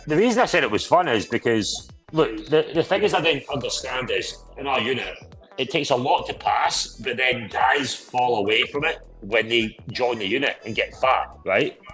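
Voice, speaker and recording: Man, mid pitch, crude casual storyteller, constant swearing, faint music in the background. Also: normal speed, fairly bright tone, rough recording. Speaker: podcast co-host. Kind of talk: casual pub-style chat.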